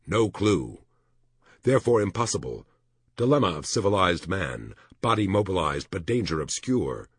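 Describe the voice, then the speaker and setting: Deep husky guy reading an audiobook, lots of ups and downs, dead dry room. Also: big pitch swings, normal speed, no echo. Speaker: audiobook narrator. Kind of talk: audiobook narration.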